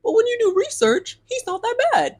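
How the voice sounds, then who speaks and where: A woman's voice: lively intonation, normal speed, darkish tone. A woman mocking a clueless evasive guy. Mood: dismissive. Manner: high, whiny, dismissive mimicry. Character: clueless evasive young man, mocked.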